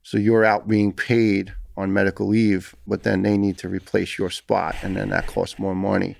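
Gravelly low-voiced man telling a story. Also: level tone, normal speed, darkish tone, no echo. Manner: earnest, heated, repeats words when emotional. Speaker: podcast guest, retired firefighter. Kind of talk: casual storytelling interview.

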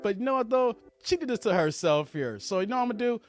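A man's voice: high-pitched, expressive, quick pace. A man hosting a live stream, laughing and teasing as he reads the chat aloud. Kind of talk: casual live stream commentary.

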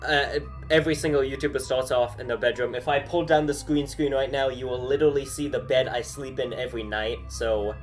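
A man's voice: medium pitch, fairly even intonation, brisk, few pauses, faint music behind. A young man, a YouTuber, chatting and thinking aloud as he plays a horror game in his bedroom. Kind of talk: let's-play commentary.

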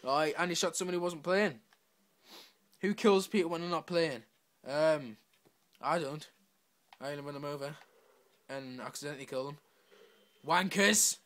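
A man's voice: a little high, normal speed, long pauses, a bit bright. A man giving brash, swearing commentary over his own gameplay, talking to himself and taunting other players. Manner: brash, swearing trash talk. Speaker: gamer.

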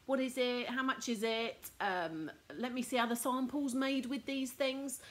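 Her voice sits high and fairly bright, at a measured pace, as this middle-aged British card making teacher hosts a casual live craft demo. Chatty and full of ums, she laughs at herself as she goes.

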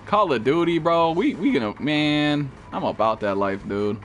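A young man streaming a survival game live, excitable and profane, yelping and shouting at enemies as he plays. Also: fairly high pitch, moderate pace. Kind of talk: live gaming commentary. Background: game music.

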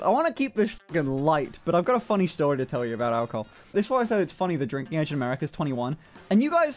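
Animated, foul-mouthed male streamer. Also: high-pitched. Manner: swears constantly, rambling and animated. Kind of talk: casual livestream chat.

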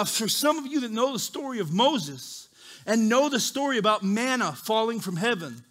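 A man with a high voice preaches to his congregation as their pastor. He reads scripture in a calm, measured way, then breaks into loud, animated asides. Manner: animated, swings from quiet reading to loud emphasis. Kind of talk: sermon with scripture reading. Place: church service.

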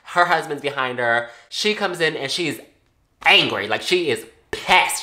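A young man tells a storytime vlog straight to the camera. He is animated and blunt, and he swears casually. His voice is bright and forward. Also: fairly high pitch, unhurried. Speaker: vlogger.

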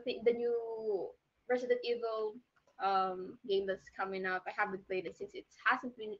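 A woman's voice: fairly high pitch, pushed and bright, lo-fi sound. A young woman with a Filipino accent chatting casually on a livestream, bubbly and switching between English and Tagalog. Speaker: idol livestreamer.

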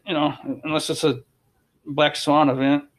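Male host, slightly higher voice, emphatic casual chart commentary with lots of repetition. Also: flat delivery, moderate pace. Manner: emphatic, repetitive, restarts phrases. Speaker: crypto commentator.

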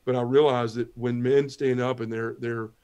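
A middle-aged man telling his conversion story as a podcast guest, earnest and often dropping to a hushed voice. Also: medium pitch, flat delivery, normal speed, clean tone. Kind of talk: testimony storytelling.

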